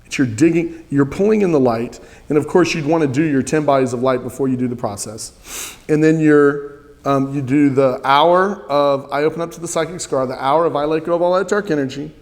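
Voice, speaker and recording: A man's voice: on the high side, a little fast, darkish tone, big-room sound. Earnest man leading a group chant. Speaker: spiritual teacher. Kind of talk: teaching a spiritual practice.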